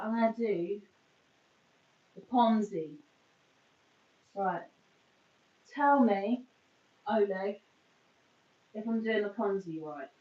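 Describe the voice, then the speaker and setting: A woman streaming live, chatting casually while she does her makeup, rambling and breaking off mid-sentence. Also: medium pitch. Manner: chatty, rambling, self-interrupting. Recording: roomy, distant, dull sound.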